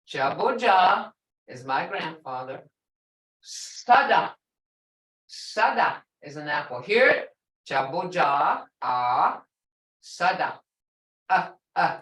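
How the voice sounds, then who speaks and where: A woman's voice: low voice, expressive, fairly bright tone, reverberant, distant mic. A woman teaching an online language class, patiently repeating and drawing out each word to show its tone. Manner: slow, patient, models words by drawing out tones. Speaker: language instructor.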